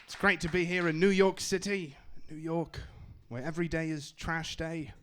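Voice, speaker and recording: A man's voice: fairly high pitch, flat delivery, moderate pace, fairly bright tone. A young man doing stand-up in a put-on English accent, wry and self-mocking, on a comedy club stage with a handheld mic. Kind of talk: stand-up set.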